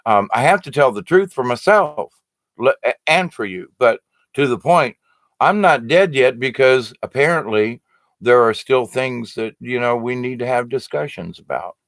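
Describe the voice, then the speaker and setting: A man's voice: mid-range voice, lively intonation, moderate pace, fairly bright tone, no room sound. A man hosting a casual spiritual livestream, reading out viewer comments and talking them through in an earnest, rambling way full of fillers and restarts.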